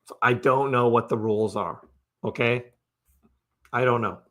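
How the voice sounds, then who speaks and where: A man of ordinary pitch hosts a casual crypto live stream. He talks in a loose, chatty way, reads out viewer comments and answers them by name. He laughs often and keeps the tone easygoing. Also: normal speed, a bit bright.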